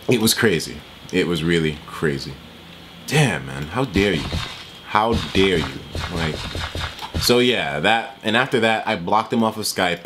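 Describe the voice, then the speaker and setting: A man's voice: low voice, a bit bright, slight background noise. Fired-up, swearing male gaming host. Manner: worked up, profane, repeats himself. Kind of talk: ranting commentary over gameplay.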